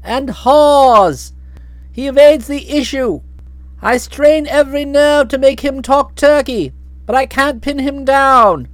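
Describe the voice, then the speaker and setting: A woman's voice: sits high, slow pace, no echo. A woman reading an audiobook, voicing a blustering, hearty middle-aged aunt who talks in bluff, slangy outbursts. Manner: bluff, hot-tempered, slangy.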